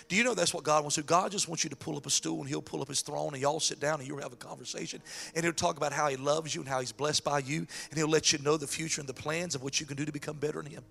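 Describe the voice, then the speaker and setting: A man preaching a lively sermon, swinging from shouted, chanted lines to soft asides. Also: on the high side, racing, vocal fry, husky. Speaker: pastor. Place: church sanctuary.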